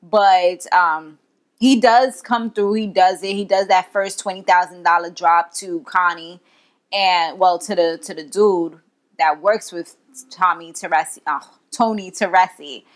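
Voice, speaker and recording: A woman's voice: on the low side, fairly even intonation, measured pace. A young woman giving a casual, slangy recap of a TV episode, chatting and laughing as she goes. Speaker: TV show reviewer.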